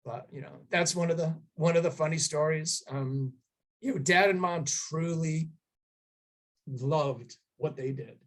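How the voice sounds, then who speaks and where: A middle-aged man shares a family story at a tribute gathering, his voice a touch high for a man. He talks in a halting, heartfelt way, with many pauses and fillers, and sounds emotional throughout. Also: low-quality recording. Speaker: son giving a memorial tribute.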